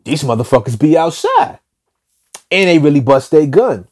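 A man's voice: a little high, moderate pace, no room sound, studio quality. Man telling a street story, slangy and profane. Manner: profane, slangy, animated retelling with many restarts.

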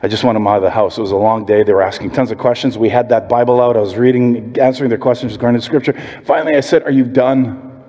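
A man's voice: mid-range voice, fairly even intonation, quick pace, dark tone. A man preaching a sermon as pastor, telling stories and acting out quoted voices. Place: church sanctuary. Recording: long hall reverb.

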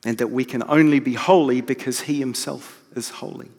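A man preaching a sermon from the pulpit in a measured, deliberate way with pauses. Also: medium pitch, steady tone, a little mellow, husky. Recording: long reverb of a large hall.

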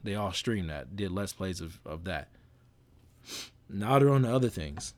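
A man's voice: sits low, expressive, unhurried, a little mellow, no echo. A man hosting his own podcast, giving a casual, rambling motivational monologue with lots of restarts. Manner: casual, repetitive, self-correcting, preachy. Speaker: podcast host.

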